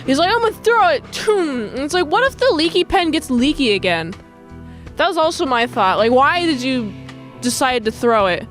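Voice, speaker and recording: A woman casually reviewing a TV episode, animated and slipping into funny voices as she retells scenes. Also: sits high, moderate pace, soft background music. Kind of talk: casual recap with acted-out quotes.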